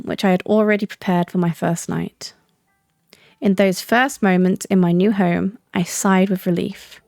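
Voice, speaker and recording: A young woman reading a visual novel aloud, calm and steady, with self-deprecating asides. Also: medium pitch, no echo, clean studio sound.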